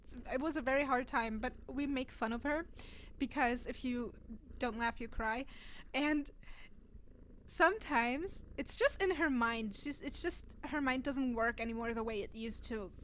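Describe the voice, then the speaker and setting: A woman's voice: sits high, normal speed, slight background noise. A woman streamer chatting casually with her viewers, telling stories animatedly and laughing often. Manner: giggly, animated storytelling. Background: faint cat purring sounds.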